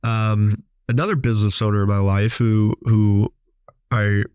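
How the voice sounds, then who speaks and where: A man's voice: lowish voice, a little slow, clean tone, dry recording. Man telling stories in a dry studio. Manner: storytelling, animated quoted voices. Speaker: podcast host, business owner. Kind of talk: casual monologue.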